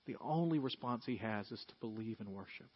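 Male pastor, husky middle voice, earnest sermon delivery to the congregation, muffled church recording. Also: on the low side, lively intonation, brisk. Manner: earnest, direct address to the congregation. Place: church sanctuary. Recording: slightly dull lo-fi sermon recording.

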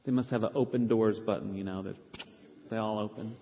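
A middle-aged man, a pastor, telling an animated, self-deprecating story from the pulpit and acting out the people he quotes. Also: lowish voice, fairly quick. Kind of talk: storytelling sermon. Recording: reverberant hall, dull lo-fi sound.

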